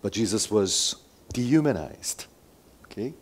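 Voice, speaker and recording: A man preaching a sermon who moves between loud emphatic lines and quiet asides, and asks his listeners many rhetorical questions. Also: fairly low pitch, animated, a little slow, slightly rough. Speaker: pastor.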